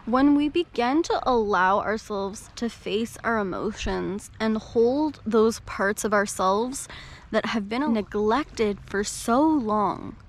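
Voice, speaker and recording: A woman coach and podcast host giving a reflective talk in a gentle, slow, soothing way. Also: fairly high pitch, soft background music.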